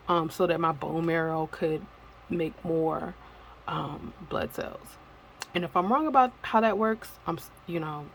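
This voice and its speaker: Woman vlogger, gravelly fry, rambling candid delivery. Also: lowish voice, a little hiss or hum, low-quality recording. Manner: candid, rambling with many fillers. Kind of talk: casual personal storytelling.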